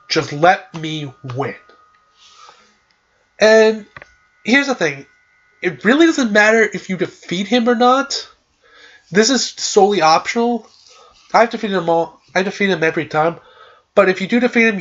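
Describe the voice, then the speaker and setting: With the high frequencies cut off, the recording captures a mid-range podcast host loosely recapping a game's plot. He's chatty and rambling, leaning heavily on "like" and "uh."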